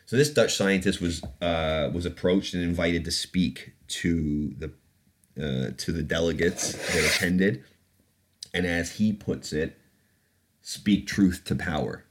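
A man's voice: sits low, measured pace. A man hosting a casual opinion podcast, talking in a loose rambling way, laughing now and then and swearing freely. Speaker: podcast host.

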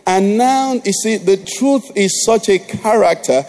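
A man's voice: high-pitched, a little slow, darkish tone. A middle-aged man preaching a sermon in church, often asking the congregation "what?" to finish his lines. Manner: call-and-response questions to the congregation. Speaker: pastor.

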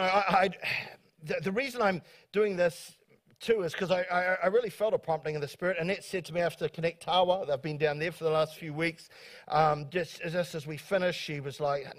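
A middle-aged man with a high voice preaches a sermon in a church sanctuary. He talks in a halting way, repeats his words, and calls out to the congregation for an amen. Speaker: pastor.

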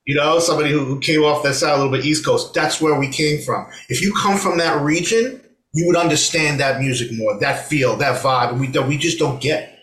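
A man who is a musician and a podcast guest, chatting casually and talking in quick, animated bursts. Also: on the high side. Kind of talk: casual conversation. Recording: echoey room.

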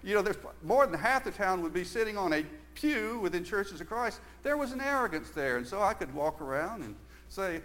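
Earnest older preacher. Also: male voice, sits high, big pitch swings, fairly quick. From Southern United States. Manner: earnest, swings from emphatic to hushed. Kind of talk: sermon.

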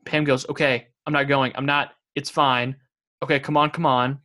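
Relaxed man co-hosting a chatty podcast. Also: medium pitch, normal speed. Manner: reads out show quotes with a laugh, relaxed and chatty. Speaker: podcast co-host. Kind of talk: casual chat.

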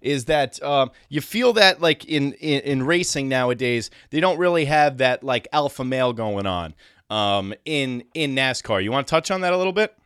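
A man's voice: medium pitch, lively intonation, moderate pace, fairly bright tone, smooth, no room sound, clean studio sound. A man hosting a podcast and telling a profane story with lots of energy. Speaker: podcast host. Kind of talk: casual storytelling.

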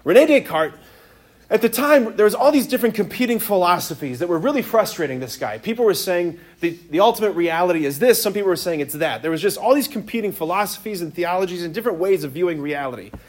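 A priest giving a lively, joking talk to teenagers in a room, often stopping to ask the audience questions. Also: male voice, high voice, quick pace. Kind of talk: interactive talk to teens. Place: room with a live youth audience.

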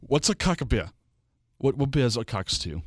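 Young co-host, lively storyteller, swings his pitch a lot, dry close mic. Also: a little fast, husky, no echo. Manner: animated storyteller, acts out quotes in a high voice. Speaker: podcast co-host. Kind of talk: casual chat.

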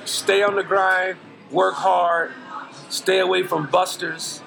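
A man's voice: high-pitched, level tone, takes it slowly, creaky, over music, poor audio. A middle-aged man, a podcast guest, giving earnest, preachy life advice in casual talk full of slang. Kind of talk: casual interview chat.

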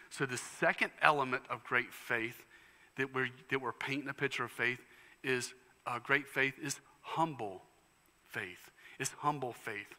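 A man preaching a sermon as pastor, passionate, dropping to hushed tones and rising to fervent declarations. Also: medium pitch, a little slow, big-room sound. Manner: impassioned preaching, swings from hushed to loud. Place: church sanctuary.

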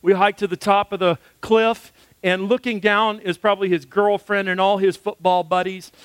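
A man's voice: high-pitched, flat delivery, normal speed, a bit bright, smooth, dry recording. A male pastor giving a storytelling sermon in a conversational way, with frequent fillers.

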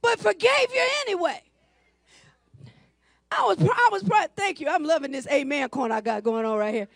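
A woman pastor preaching a sermon, swinging between hushed asides and shouted lines. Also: high-pitched, sing-song, quick pace, vocal fry, no room sound. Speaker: senior pastor.

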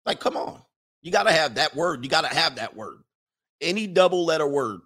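A man's voice: on the high side, lively intonation, fairly quick, bright, forceful tone. A man hosting a casual livestream, reading chat comments and giving emphatic opinions, often repeating phrases for effect.

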